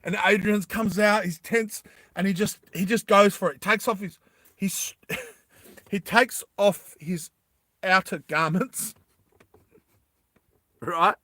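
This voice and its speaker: A man's voice: sits high, takes it slowly, pauses often, sharp tone, no room sound. A young man casually telling a comic story, rambling and laughing at his own ideas.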